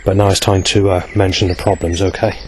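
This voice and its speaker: A man's voice: low voice, flat delivery, brisk, a little hiss or hum. A man vlogging in a rambling, hesitant monologue, full of fillers and restarts.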